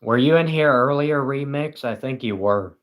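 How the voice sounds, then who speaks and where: A man's voice: mid-range voice, moderate pace, fairly bright tone. A tired British man hosting a livestream, chatting casually and reading viewers' comments with dry, self-mocking sarcasm. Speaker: livestream host.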